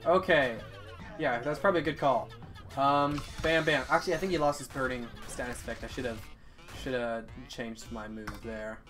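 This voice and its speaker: A young man giving casual, excitable commentary over his gameplay. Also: mid-range voice, moderate pace, over music. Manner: excitable, swears and yelps at the game. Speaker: let's play gamer.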